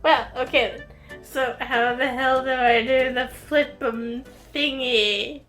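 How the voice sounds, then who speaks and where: A young woman with a high voice chats slowly and drowsily in a casual home vlog. She is sleep-deprived yet playful, breaking into sudden dramatic outbursts. A little music sits faintly behind her. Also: fairly even intonation. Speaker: vlog co-host.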